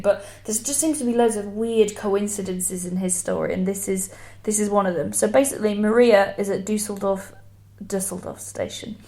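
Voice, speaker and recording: A woman's voice: medium pitch, a little mellow. A woman co-hosting a comedy podcast, telling anecdotes in casual chat and slipping into voices for the people in her stories. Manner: chatty storyteller who acts out voices in anecdotes. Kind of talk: casual comic chat about true crime.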